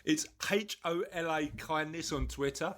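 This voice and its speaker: A man's voice: a little high, normal speed, fairly bright tone. A man co-hosting a casual podcast, chatty and jokey as he explains how the show works. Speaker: podcast co-host.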